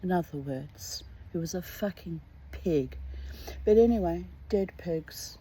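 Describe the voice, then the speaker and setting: A woman's voice: fairly low pitch, unhurried, mellow, a little hiss or hum, rough recording. A middle-aged woman talking candidly and emotionally in a rambling personal monologue, dropping to a whisper on some asides. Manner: candid, emotional and chatty, drifting between topics. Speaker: vlogger.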